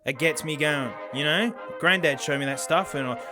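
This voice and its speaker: Excitable Australian man saying "mate". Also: fairly high pitch, normal speed. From South Australia. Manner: excitable, slangy, says "mate" constantly. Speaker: tech reviewer and host. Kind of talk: comedic video monologue. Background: background music.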